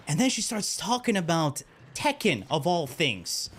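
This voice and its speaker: A male streamer spins a long personal story for his viewers, swearing freely and tossing in "right?" to keep them with him. His voice sits a touch high and swings widely in pitch as he gets worked up. A steady hiss of background noise runs under the recording. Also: measured pace. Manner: animated, profane, keeps checking in with "right?". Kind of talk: casual storytelling on a livestream.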